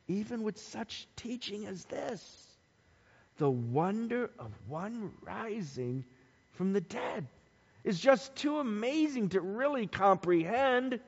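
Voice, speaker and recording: A man preaching a sermon, dramatic and emphatic, dropping to hushed tones at times. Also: high-pitched, big pitch swings, takes it slowly, breathy edge. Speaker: pastor. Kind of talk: Easter sermon. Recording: dull sound with long hall reverb.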